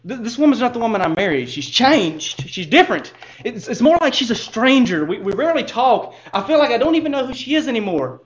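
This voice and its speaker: A man's voice: very high voice, sing-song, fairly quick, muffled recording, pitched above the performer's own voice. A man playing a frustrated husband who stammers as he complains to a counselor about his wife. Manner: stammering, exasperated pleading.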